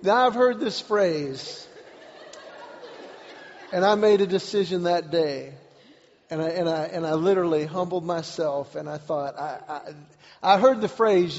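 A man preaching a sermon, telling a personal story in an animated way, repeating words and shouting at the climaxes. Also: high-pitched, measured pace, pauses often. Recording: dull recording with long hall reverb.

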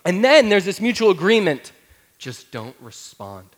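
A pastor in his thirties preaching a sermon with a somewhat high male voice. He tells a funny story from his own life and talks straight to the listeners in a loose, conversational way. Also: sing-song, a little slow. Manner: humorous personal storytelling; conversational, addresses listeners directly.

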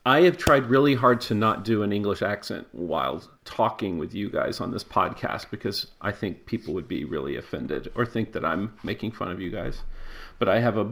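A man's voice: fairly low pitch, animated, moderate pace, a bit bright. A man hosting a casual podcast over a video call, rambling with many fillers and frequent laughs. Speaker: podcast host. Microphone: personal microphone on a video call.

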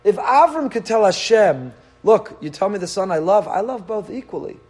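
A man teaching a Torah class, animated and full of rhetorical questions. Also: high-pitched, normal speed, breathy edge. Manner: animated, rhetorical questions, mixes Hebrew and Yiddish terms. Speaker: rabbi teaching the weekly Torah portion.

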